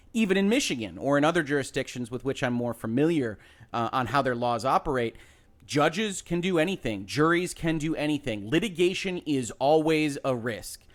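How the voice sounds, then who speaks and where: A man who hosts a legal commentary show walks through a lawsuit in a measured, careful way. His voice sits at an ordinary middle pitch. He often pauses on small fillers while he builds his explanation. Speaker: lawyer and show host.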